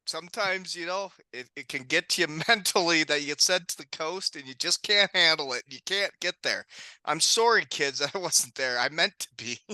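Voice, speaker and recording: A man with a very bright, fairly high voice laughs his way through old team stories as a podcast guest. The sound is dry and close, with no room echo. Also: normal speed. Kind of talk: casual chat, storytelling.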